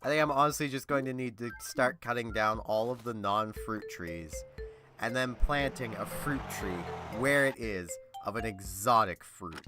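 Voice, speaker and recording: Bright chatty young man. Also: medium pitch, normal speed, faint music behind. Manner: chatty, rambling, laughs often. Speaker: let's-player. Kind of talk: casual gameplay commentary.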